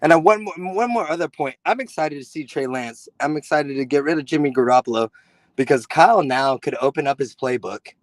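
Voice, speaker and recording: A man calling in to a sports show, talking in an earnest, excitable way and repeating himself for emphasis. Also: a little high, brisk, dry recording, poor audio. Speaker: caller, football fan. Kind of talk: call-in conversation.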